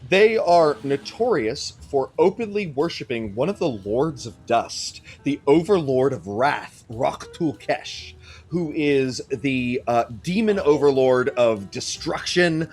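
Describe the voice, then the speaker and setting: A man running a tabletop game, his delivery animated and casual and peppered with swearing. His pitch sits in a middling range. Faint music plays behind him. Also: slow, breathy edge. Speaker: game master.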